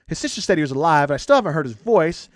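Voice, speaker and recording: Man, counselor, casual storytelling, animated, mild swearing, fairly high voice, dry close mic. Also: rapid-fire, no echo. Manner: animated, acts out quotes, swears lightly. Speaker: addictions and mental health counselor.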